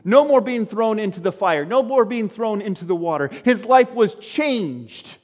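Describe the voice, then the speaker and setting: A man preaching a sermon to his congregation, firing off rhetorical questions and swinging between loud exclamations and quiet, low asides. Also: lively intonation, moderate pace, in a large hall. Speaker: pastor.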